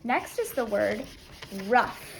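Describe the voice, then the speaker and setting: Slow, clear woman teacher dictating spelling. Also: a little high, big pitch swings, a little hiss or hum, low-quality recording. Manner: slow, clear, deliberate word-by-word dictation with countdowns.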